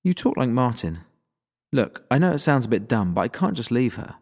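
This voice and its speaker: A man voicing an impulsive, stubborn teenage schoolgirl who talks in high, breathless exclamations. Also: very animated, moderate pace, vocal fry, darkish tone. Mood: exasperated.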